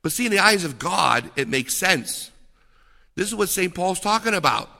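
A man preaching a sermon, telling stories with lively asides and frequent "okay?" checks with the listeners. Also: high voice, moderate pace, gravelly. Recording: long reverb of a large hall.

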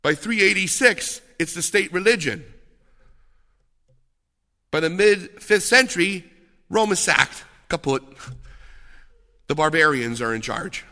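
A man preaching a sermon, telling stories with lively asides and frequent "okay?" checks with the listeners. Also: a little high, a little slow, long pauses. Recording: long reverb of a large hall.

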